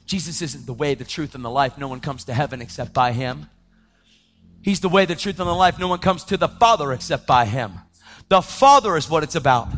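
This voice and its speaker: A man with a slightly high voice gives a testimony sermon in loose, slangy talk. He acts out the voices he quotes and sometimes breaks into shouts. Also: expressive, brisk. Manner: casual slang, calls listeners dude. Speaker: preacher giving his testimony.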